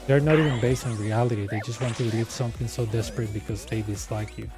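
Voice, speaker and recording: A man's voice: on the low side, fairly even intonation, fast, over music. A man whose first language is Spanish, chatting casually as a streamer and animatedly retelling an argument in back-and-forth quotes. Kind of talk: casual chat.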